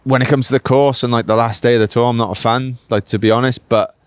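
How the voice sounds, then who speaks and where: A man's voice: medium pitch, steady tone, fast, smooth, dry recording. A Welsh man in his late thirties, a professional cyclist chatting casually in an interview, rambling with lots of "like" and "mate". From Wales. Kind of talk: casual post-race interview.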